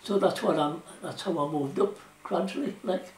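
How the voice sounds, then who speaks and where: The interviewee, an older former shipwright from South Shields with a Geordie accent, rambles casually through memories of his working life, often saying "you know" and "like." His voice is high-pitched and a little mellow at normal speed. This oral history recording catches him off-mic and far away, with roomy echo and slight background noise.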